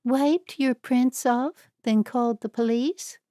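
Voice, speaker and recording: A woman's voice: a little high, fairly even intonation, takes it slowly, dark tone, no room sound, studio quality, voice pushed up. A woman voicing an elderly Amish woman sleuth who is nervous but bold, with urgent, rising questions. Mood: pressing. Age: older.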